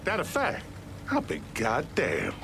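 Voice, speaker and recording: A hostile, sneering gate guard. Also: male voice, a little high, huge pitch swings, slow, full character voice. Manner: threatening and contemptuous, swearing. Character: hostile, bigoted male gate security guard. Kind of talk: video game acting. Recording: game audio under loud game noise.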